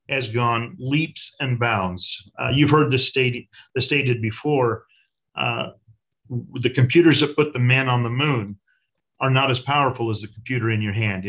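A man pitching a product in conversation, speaking haltingly with many fillers. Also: a bit bright. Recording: dull lo-fi audio.

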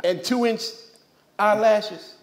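A man with a notably high voice preaches to his congregation. He speaks with emphatic energy, firing off rhetorical questions and slipping in joking asides along the way. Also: steady tone, drawn-out words. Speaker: pastor. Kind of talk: sermon.

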